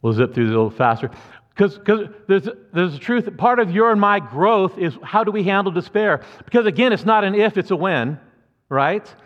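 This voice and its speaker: A man's voice: sits high, animated, normal speed. Earnest male pastor in an echoey church. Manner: conversational, earnest, frequent restarts and asides. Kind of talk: sermon. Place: church sanctuary. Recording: muffled church hall reverb.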